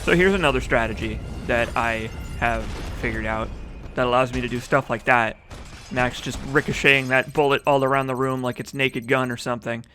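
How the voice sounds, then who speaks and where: A man's voice: mid-range voice, a little fast, noisy background. A man commenting casually on his own speedrun video, joking, swearing and rambling, reading chat aloud, recorded as a desk-mic voice-over. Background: game music.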